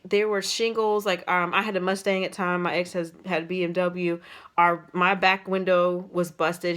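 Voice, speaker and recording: A young adult woman tells a personal story to her vlog audience in a casual, rambling way. Her voice sits a little low for a woman, and she leans on fillers and restarts as she talks. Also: a bit bright. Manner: rambling, many fillers and restarts, emotional retelling. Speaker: vlogger.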